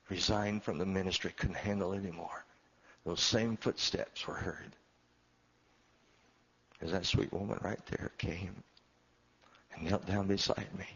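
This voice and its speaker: Deep-voiced pastor telling his story. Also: gravelly, breathy edge, lo-fi sound. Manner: emotional storytelling, voice swelling and dropping. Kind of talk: sermon testimony.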